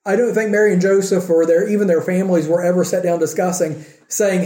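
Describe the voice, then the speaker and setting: Earnest male preacher with a dark tone. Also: high voice, steady tone, reverberant. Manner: earnest, questions the congregation, slows for emphasis. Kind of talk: sermon.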